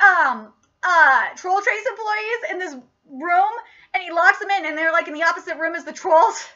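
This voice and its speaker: A woman in her late twenties giving a casual, profane, excitable TV episode review and laughing often. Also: very high-pitched, normal speed. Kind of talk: casual video review commentary. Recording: slightly muffled lo-fi recording.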